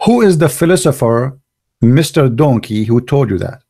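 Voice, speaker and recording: A man delivers a blunt online monologue. His voice is gravelly and dark, with a mellow tone. He speaks in broken, English and presses his points with rhetorical questions. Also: medium pitch, sing-song, fairly quick. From Arab world. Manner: broken, non-native grammar. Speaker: online show host. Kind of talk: opinionated livestream monologue.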